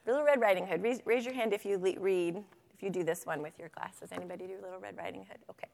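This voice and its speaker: Woman presenter, teacher workshop, animated, chatty, big hall, long reverb. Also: medium pitch, fast talker, vocal fry, few pauses. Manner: animated, chatty, checks in with "right?". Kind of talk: lively teaching talk with read-aloud.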